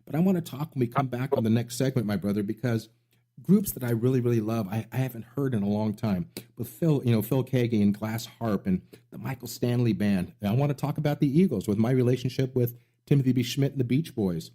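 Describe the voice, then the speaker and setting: A man's voice: mid-range voice, a little fast, warm tone. A middle-aged man hosting a music radio show, telling rambling stories with enthusiasm. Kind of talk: casual interview chat.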